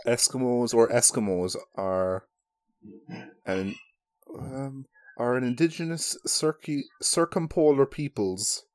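A man's voice: mid-range voice, takes it slowly. A young man with an Irish accent co-hosting a podcast from his bedroom, joking crudely and laughing often into his mic. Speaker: podcast co-host. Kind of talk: casual chat. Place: bedroom at home.

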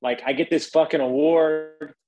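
A man's voice: a little high, fairly even intonation, moderate pace, dark tone, faint music behind, rough recording. A man hosting a podcast, telling stories in a laid-back way and swearing casually.

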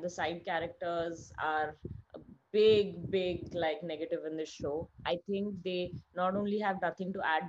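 A woman's voice: on the low side, a little mellow, a little hiss or hum. A woman in a casual podcast chat, giving blunt, heated opinions full of likes and restarts. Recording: slightly dull lo-fi sound.

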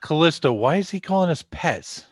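A man's voice: a little high, lively intonation, moderate pace, breathy edge, no echo, studio quality. A man playing a tabletop game, speaking earnestly in character. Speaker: player.

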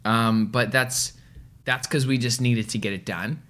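A man with a mid-range voice hosts a casual podcast chat. He sounds upbeat and playful and jumps in with quick bursts of excitement. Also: medium pitch. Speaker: podcast host.

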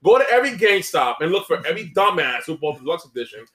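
A man's voice: a little high, sing-song, very fast, fairly bright tone. A man co-hosting a casual podcast, telling absurd joking stories with lots of swearing. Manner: joking storyteller, absurd asides, profane. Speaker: podcast co-host. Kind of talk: casual chat.

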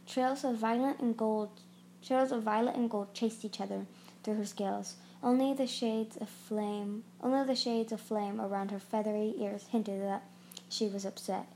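A woman's voice: on the high side, fairly even intonation, normal speed, a little mellow, slight background noise. Woman reading a storybook aloud. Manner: stumbling, frequent restarts on words. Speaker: reader. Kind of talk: audiobook narration.

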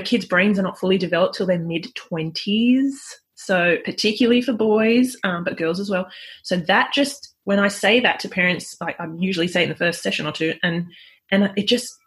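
A woman's voice: medium pitch, a bit bright. Chatty woman parenting coach. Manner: chatty, laughs often, acts out parents' voices. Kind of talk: conversational interview.

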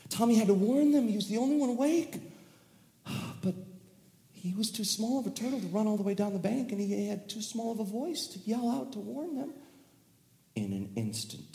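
A man telling a children's story live, playful and animated, with sound effects and laughter. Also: high voice, moderate pace, creaky. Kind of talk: live storytelling to a family audience. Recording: echoey hall with long reverb.

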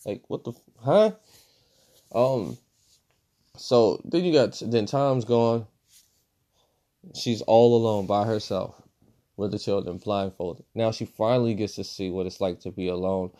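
A man giving a casual, profane movie review, swinging between loud outbursts and low mutters. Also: unhurried, long pauses.

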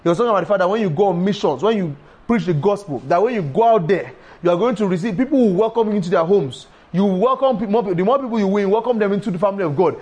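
A man preaching a sermon, emphatic and repetitive, breaking into sudden high exclamations. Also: animated, very fast, a little mellow, dull audio.

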